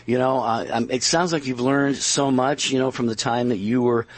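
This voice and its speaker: A man hosts a call-in show in a slightly husky voice. The sound is dry and close, and he muses aloud, filling pauses with "you know" as he reflects on what he has heard. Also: mid-range voice, fairly even intonation, no echo. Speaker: radio talk show host. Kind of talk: casual chat.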